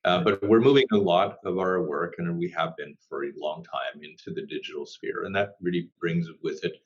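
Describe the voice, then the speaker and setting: Middle-aged male journalist guest from Canada, very deep voice, measured and thoughtful, dull lo-fi sound. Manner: measured and thoughtful, with many "uh" pauses. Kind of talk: interview answers. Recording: dull lo-fi audio.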